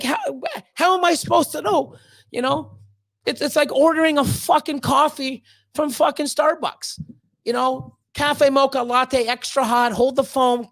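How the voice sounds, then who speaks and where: A woman streamer ranting casually to her chat, swearing constantly and stumbling over her words as she gets worked up. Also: fairly high pitch. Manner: swears constantly, stammers and restarts when worked up. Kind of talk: heated casual rant.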